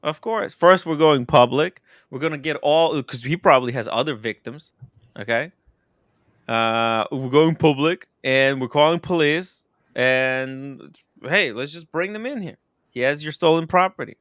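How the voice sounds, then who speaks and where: A man's voice: a little high, a little slow, a bit bright, no room sound. Blunt guy hosting a stream, cussing a lot, dry close sound. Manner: blunt, emphatic, swears. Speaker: show host. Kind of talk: casual chat.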